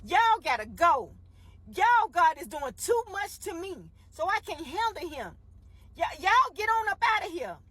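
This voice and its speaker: A woman's voice: extremely high pitch, big pitch swings, measured pace, sharp tone, no echo, voice pushed up, heavily acted. A woman preacher voicing an angry ancient king who barks orders at his people. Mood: exasperated. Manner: exasperated, bossy commands. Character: angry, hard-hearted ancient king, male.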